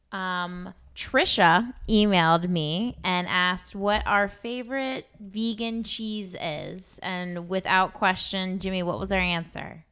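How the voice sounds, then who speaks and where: A woman's voice: mid-range voice, a bit bright, smooth. A woman co-hosting a casual podcast, playful and giggly, tossing in jokey asides. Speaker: podcast co-host.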